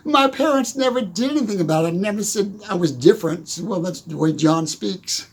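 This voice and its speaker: Gravelly older man, animated storyteller. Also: sits high, fairly quick. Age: 60s. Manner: animated storytelling, chuckling often. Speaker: motivational speaker. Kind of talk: casual motivational talk.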